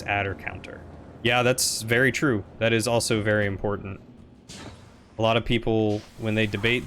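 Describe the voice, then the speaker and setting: A man with a deep voice, casually chatting and reflecting while streaming a video game. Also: fairly bright tone, a little hiss or hum. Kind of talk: casual chat while playing. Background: game music.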